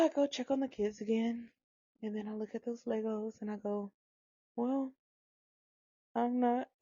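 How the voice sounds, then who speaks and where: A woman's voice: a little high, creaky, no room sound, muffled recording. A woman in her thirties, a mother telling a funny story in casual chat, with lots of laughing and repeated phrases. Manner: animated, laughing, repeats herself for effect.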